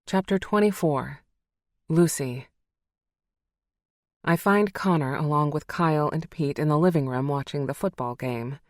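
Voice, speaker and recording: A woman with a low voice narrates a romance audiobook in the first person. Her telling is expressive and heartfelt. The studio sound is dry and close. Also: no room sound.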